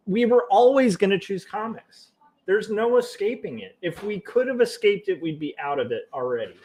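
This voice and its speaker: A man chatting to his stream audience as he draws, in a fairly high voice. He rambles in an easy, wry way and pokes fun at himself. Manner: wry, self-mocking, drifting into jokey quoted voices. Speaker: livestreaming comic artist. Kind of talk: casual chat to viewers while drawing.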